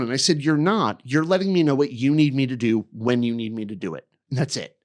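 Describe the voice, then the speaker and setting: A man in casual podcast chat, swearing heavily and ranting with animated energy. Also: medium pitch, brisk. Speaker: podcast guest.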